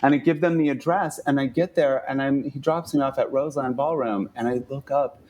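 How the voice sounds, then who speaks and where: A man telling a story as a podcast guest, animated, with lots of "like" and acted-out quotes. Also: mid-range voice, fairly quick, slight background noise. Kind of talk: casual storytelling.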